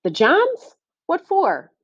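An irritable bald foreman grumbles and huffs through his complaints in rough, indignant speech, voiced by a woman reading aloud. The recording is dry and a little muffled. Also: extremely high pitch, wildly swooping pitch, takes it slowly, no echo, pitched above the performer's own voice, full character voice. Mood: grumbling. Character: gruff bald male construction foreman, irritable. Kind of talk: audiobook character voice.

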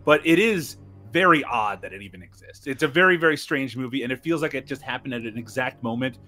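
A man's voice: mid-range voice, quick pace, pushed and bright, soft background music. A man from Newfoundland, Canada, guesting on a podcast, chatting about a film with wry, dry jokes. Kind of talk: casual film review chat.

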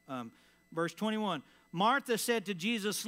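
A man preaching a sermon in church in a casual, conversational way, full of fillers, sometimes dropping to a quiet, low voice for emphasis. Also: lively intonation, moderate pace. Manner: conversational preaching with many "like" and "all right" fillers. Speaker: pastor. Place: church sanctuary.

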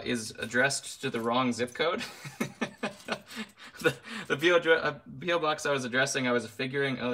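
Bright-voiced man ranting on a live stream. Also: medium pitch. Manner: ranting, then apologetic and laughing; reads viewer names aloud. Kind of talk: casual live stream chat.

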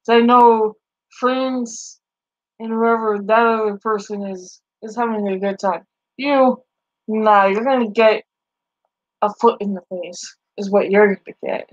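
A woman's voice: mid-range voice, steady tone, a little slow, pauses often, muffled recording. A woman streamer in casual live-stream chat, profane and teasing, laughing often as she talks back to viewers.

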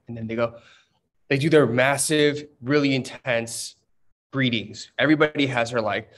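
A man's voice: mid-range voice, normal speed, a bit bright, slight background noise. A man in his thirties chatting casually on a livestream, telling stories and answering fan questions with lots of fillers. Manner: chatty storytelling, many fillers.

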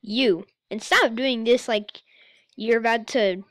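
A woman's voice: a little high, slow pace, fairly bright tone, no room sound, clean studio sound. A woman doing a teasing, sarcastic reaction commentary on a video as a YouTuber, often laughing.

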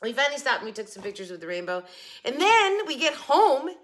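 A woman's voice: high voice, sing-song, brisk, a bit bright. An older woman chatting casually to camera about her shopping haul, giggling and joking with someone off camera. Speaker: haul vlogger.

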